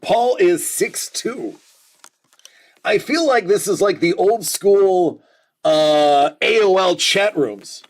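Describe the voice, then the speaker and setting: A man's voice: high-pitched, expressive, takes it slowly, vocal fry. A man in his forties hosting a casual livestream, reading viewer comments aloud and joking about them. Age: 40s.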